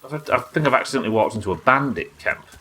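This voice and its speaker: A streamer man talks his way through a game, his voice bright and lively and swinging up and down as he panics and swears. He narrates every move to himself and to the chat. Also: medium pitch, fast talker, husky. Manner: excitable, sweary, talking to himself. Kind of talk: live gameplay commentary.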